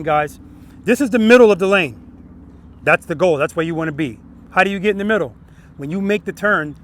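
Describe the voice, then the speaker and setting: A man's voice: high voice, a bit bright. A man teaching a group of riders outdoors as their riding instructor, questioning the group and ending points with "right?". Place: outdoor practice lot.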